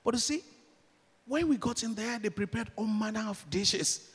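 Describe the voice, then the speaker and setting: Nigerian male preacher, slightly high and husky, impassioned sermon delivery, long hall reverb. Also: normal speed. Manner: impassioned, swings from shouted declarations to hushed storytelling. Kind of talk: sermon with storytelling.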